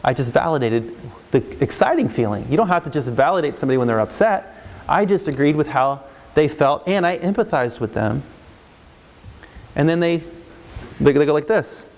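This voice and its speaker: A middle-aged man, a counselor giving a parenting talk to a live audience, lively and acting out parents and kids. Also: on the high side, moderate pace, pauses often. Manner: animated, acts out parents and kids in raised voices. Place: large hall with live audience. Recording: long reverb of a large hall.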